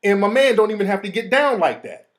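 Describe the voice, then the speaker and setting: A man hosts his own show in a casual, streetwise monologue, his fairly high voice rising and falling with lively swings. He slips into quick impressions of other people as he talks. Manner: animated, streetwise slang, mimics others. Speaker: host.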